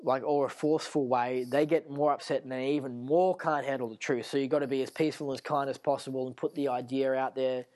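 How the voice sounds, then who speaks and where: A man's voice: medium pitch, steady tone, fast talker, few pauses, darkish tone. Rambling man hosting a solo podcast. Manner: rambling, many fillers and restarts. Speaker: podcast host.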